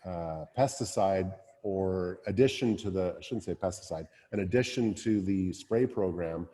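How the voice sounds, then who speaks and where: A man's voice: low voice, moderate pace, mellow, long reverb tail. A man, a winemaker, speaking casually at a wine tasting, with many fillers and restarts. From Canada.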